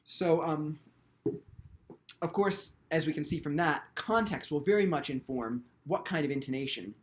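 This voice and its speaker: A man's voice: on the high side, normal speed, a little hiss or hum. Thoughtful man explaining violin technique. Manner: thoughtful, frequent restarts and ums. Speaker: violin teacher. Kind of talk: instructional video lecture.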